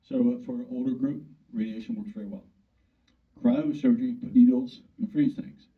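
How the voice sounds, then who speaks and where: A man's voice: mid-range voice, wildly swooping pitch, normal speed, creaky. Blunt, folksy older man, tinny and distant. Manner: folksy, blunt, plain-spoken, acts out quoted dialogue. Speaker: urologist speaking to a club. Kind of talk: informal talk to an audience. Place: meeting room. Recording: distant mic over a tinny phone-like line.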